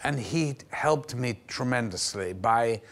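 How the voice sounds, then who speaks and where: An older actor being interviewed on television, telling anecdotes and acting out the voices of the people in them. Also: male voice, mid-range voice, expressive, takes it slowly, fairly bright tone. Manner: vivid, acts out the voices in his stories. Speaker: actor guest. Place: television studio.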